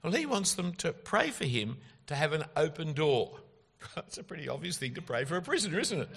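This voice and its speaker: Lively, gravelly preacher man. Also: fairly high pitch. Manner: emphatic, with rhetorical questions. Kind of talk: expository sermon.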